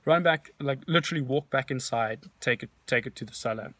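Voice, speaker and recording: A man's voice: medium pitch, a little fast, no room sound. A man, a real estate agent, casually tells a story in a vlog, rambling and restarting as he talks. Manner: animated, rambling retelling with many restarts.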